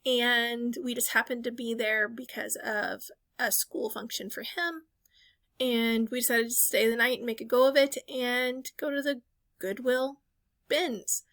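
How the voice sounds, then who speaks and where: A woman's voice: on the high side, bright, forceful tone, no echo. A woman in her thirties chatting casually in a voice-over about thrift finds, rambling and correcting herself as she goes. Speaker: reseller vlogger.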